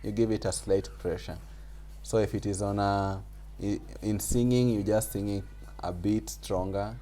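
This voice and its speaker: Slow, deep-voiced male music teacher. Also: steady tone, dark tone, slight background noise. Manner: patient, explains slowly with fillers and repetition. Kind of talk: online group class lesson. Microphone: video call.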